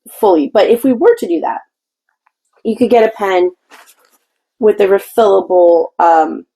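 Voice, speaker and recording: Gravelly low-voiced woman explaining crafts. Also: warm tone, low-quality recording. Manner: chatty and meandering, with frequent restarts; explains while painting. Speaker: craft tutorial host. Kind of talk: casual craft tutorial.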